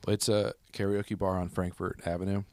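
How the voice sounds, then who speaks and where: A man hosting a podcast, telling rambling anecdotes in casual chat with an American accent and bursts of loud high-pitched quoting. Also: level tone, moderate pace. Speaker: podcast host.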